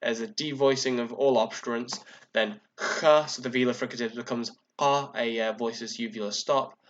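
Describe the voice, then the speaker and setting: A man talks through a topic in a relaxed podcast chat, pausing often with ums and false starts. His voice sits mid-range. The sound is dull and lo-fi. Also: medium pitch. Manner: hesitant, many ums and restarts. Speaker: podcast co-host. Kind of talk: casual explanatory chat.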